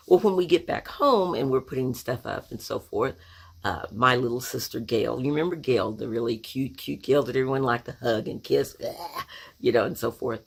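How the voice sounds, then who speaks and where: Reflecting on her childhood, this Oklahoma woman in her sixties tells the story to camera in a gravelly, slightly rough bass voice. Her telling is conversational and packed with asides.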